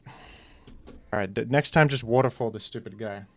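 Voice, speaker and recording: A man's voice: mid-range voice, moderate pace. A young man giving casual live commentary on his own competitive game, rambling and trash-talking his opponent in mock boasts.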